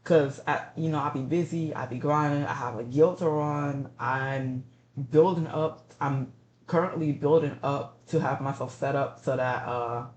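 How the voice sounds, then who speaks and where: A man's voice: measured pace, a little hiss or hum. Guy streamer venting to chat, repeats himself a lot, echoey room sound. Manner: ranting, repeats himself, animated pitch jumps.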